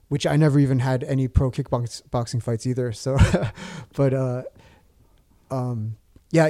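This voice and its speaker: A man's voice: medium pitch, warm tone. A man in his thirties casually telling a long story, rambling with lots of fillers and restarts. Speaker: guest.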